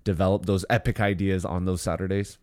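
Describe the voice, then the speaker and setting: A man's voice: low voice, flat delivery, fairly quick, darkish tone, no echo, studio quality. A man hosting a podcast, asking questions in an encouraging way. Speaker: podcast host. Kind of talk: podcast interview.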